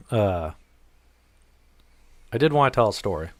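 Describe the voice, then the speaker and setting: Guy on a podcast spinning a story, swears a lot, mid-pitched voice, dead dry sound. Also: dry recording. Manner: profane, animated, acts out quoted dialogue. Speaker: podcast host. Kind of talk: casual storytelling chat.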